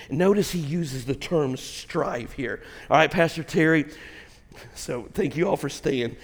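A middle-aged man preaching a blunt sermon as pastor, swinging from shouts to a hushed near-whisper and speaking straight to his congregation. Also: fairly high pitch, unhurried, long reverb tail. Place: church sanctuary.

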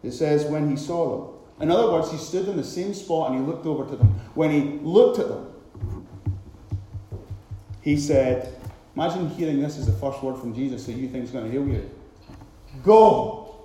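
A man preaching a sermon with dramatic delivery, now and then acting out loud shouted cries. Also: a little high, moderate pace, a little hiss or hum. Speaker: pastor. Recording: very echoey hall.

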